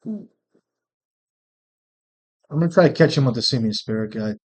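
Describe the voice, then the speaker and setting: A man's voice: medium pitch, expressive, moderate pace, a little mellow. Man muttering through a card game. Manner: profane, muttering, thinking aloud. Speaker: streamer playing a card game. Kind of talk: casual gameplay commentary.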